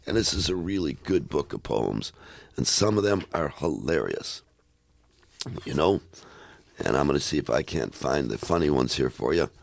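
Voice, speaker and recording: A man hosting a radio show, reading children's poems aloud in a playful, expressive way. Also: very deep voice, moderate pace, creaky, dry recording.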